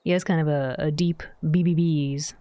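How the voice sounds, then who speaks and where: A woman's voice: sits low, fairly even intonation, moderate pace, dark tone, dry recording, muffled recording. A woman streamer chatting casually over a game, laughing and reading its lines aloud. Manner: chatty, laughs often, reads dialogue aloud. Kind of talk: game commentary.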